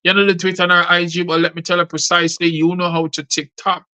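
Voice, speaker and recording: A man's voice: high voice, flat delivery, fast, sharp tone, clean tone. A man who hosts a show and recites his rhyming poetry in a rhythmic delivery. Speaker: poet and show host.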